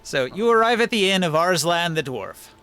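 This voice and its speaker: A man narrating a tabletop role-play game as the game master, explaining scenes in a lively way. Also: high-pitched, normal speed, smooth, soft background music. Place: home, streaming online.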